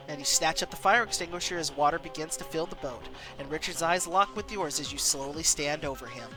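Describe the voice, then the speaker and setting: A woman's voice: deep voice, brisk, hardly any pauses, music in the background. A woman streamer reading an interactive story game aloud, taking viewer votes and exclaiming often.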